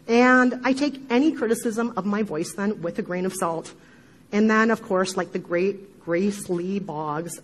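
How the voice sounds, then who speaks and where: A middle-aged woman with a Midwestern accent, giving an animated talk to a live audience, with emphatic asides and frequent laughter. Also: medium pitch, rough recording. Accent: Midwestern American. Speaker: podcast speaker giving a talk.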